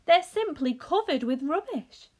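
Wide-eyed earnest boy, read by a woman, very high and slow, wondering tone, storybook reading. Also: expressive.

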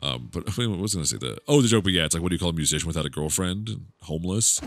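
Man, deep voice, lively pitch, joking let's-play commentary, rambling. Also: racing, a little hiss or hum. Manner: joking, rambling, laughs often. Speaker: gaming YouTuber.

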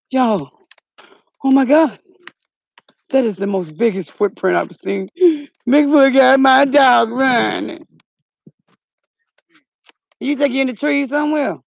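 Gravelly-voiced woman vlogging outdoors. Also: on the high side, no echo. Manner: dramatic, slangy, calls out and shouts. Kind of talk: casual outdoor vlog. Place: outdoors in the cold. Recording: dull lo-fi phone audio.

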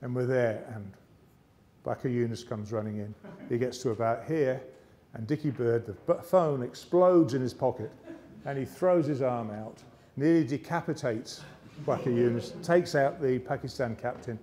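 English male speaker, warm and mellow, lively anecdotal delivery to a live audience. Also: medium pitch, normal speed. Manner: lively yarn-spinning with character voices. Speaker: motivational speaker. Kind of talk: anecdotal storytelling speech. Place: arts centre stage, live audience.

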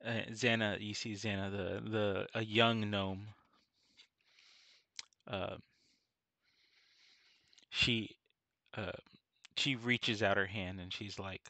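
A man narrating as game master, halting and full of fillers. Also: fairly low pitch, steady tone, creaky, bright, forceful tone, dry recording.

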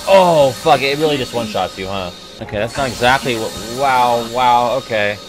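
A man commenting on his gameplay in a loose, excitable way, swearing freely and yelping at the action. His pitch jumps all over the place, and game music plays clearly behind him. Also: fairly quick. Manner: excitable, swears a lot, yelps and exclaims at the action. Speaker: let's play commentator.

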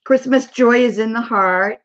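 A woman's voice: a little high, unhurried. A woman showing her handmade cards on a livestream, talking casually and hesitantly with many ums. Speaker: guest crafter. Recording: dull lo-fi online call audio.

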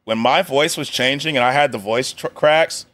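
A man's voice: mid-range voice, moderate pace, fairly bright tone. A young man reacting to a video on a live stream, joking in slang and laughing often. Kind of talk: casual reaction commentary.

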